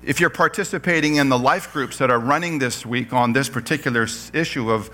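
A man's voice: mid-range voice, fairly quick, bright, forceful tone. A man preaching a sermon in church, reading scripture aloud and joking with his congregation. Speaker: pastor.

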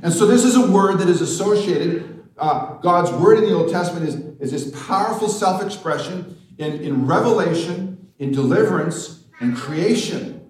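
A man preaching a sermon, putting rhetorical questions to the congregation and slowing down for emphasis. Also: high-pitched, lively intonation, a little mellow. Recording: echoey room, mic at a distance.

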